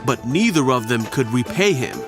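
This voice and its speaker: A man reading a Bible story for children in a gentle, steady storytelling voice. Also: mid-range voice, normal speed, music in the background. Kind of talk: scripted Bible story narration for kids.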